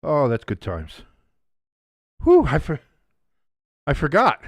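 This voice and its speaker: An excitable man hosting a casual live sports watch-along, his voice swinging widely up and down in pitch as he reacts and reads out viewer comments. The sound is close and dry, with no room echo. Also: slow. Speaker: live stream host.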